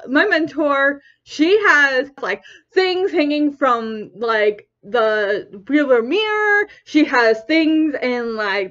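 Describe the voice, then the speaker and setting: A woman's voice: sits high, a bit bright. A young woman vlogger rambling casually to camera, often laughing and restarting her sentences. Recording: dull lo-fi recording.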